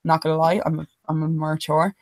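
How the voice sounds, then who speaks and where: A woman's voice: low voice, fairly quick, no echo. Irish woman telling a story, dry sound. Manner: animated anecdote-teller who swears freely and mimics others in quotes. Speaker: podcast co-host. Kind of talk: casual storytelling chat.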